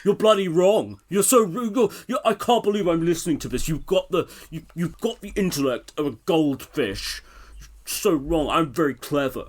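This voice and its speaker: A man's voice: on the high side, expressive, normal speed, voice pushed up. A British man doing a mocking impression of an indignant, self-important male radio pundit who hectors and sputters in disbelief. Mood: outraged.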